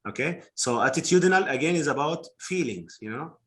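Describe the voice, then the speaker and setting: A man's voice: fairly high pitch, lively intonation, fairly bright tone. Man teaching with many fillers. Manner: explains slowly with many fillers and repeats. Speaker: phonetics teacher. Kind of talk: live online class teaching.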